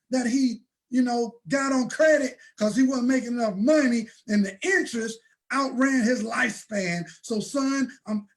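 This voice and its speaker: Guy doing a dying dad handing his son his debts, pleading and loud. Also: very high voice. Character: dying indebted father talking to his son.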